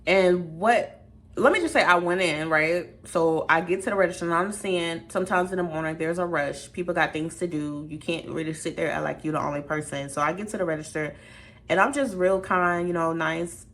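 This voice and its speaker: A young adult woman chatting through a storytime vlog in a low-pitched voice. She is animated and full of asides, and keeps talking straight to her viewers. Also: a little fast. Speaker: vlogger.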